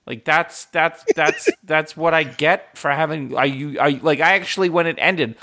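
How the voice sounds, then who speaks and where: A man's voice: a little high, moderate pace, sharp tone. A young man co-hosting a casual film chat, ranting with lots of swearing and frequent laughter. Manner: profane ranting, laughs often. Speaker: podcast co-host.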